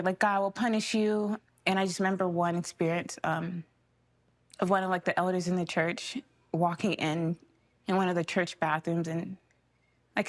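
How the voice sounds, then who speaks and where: A tearful young woman giving an emotional personal testimony, speaking haltingly with many fillers. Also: fairly low pitch, dry recording. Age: young adult. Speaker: interviewee.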